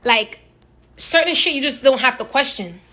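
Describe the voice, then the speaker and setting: A woman's voice: high voice, animated, normal speed, pushed and bright. A young woman chatting casually and animatedly on a phone live stream, telling profane stories and imitating other people. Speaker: social media personality.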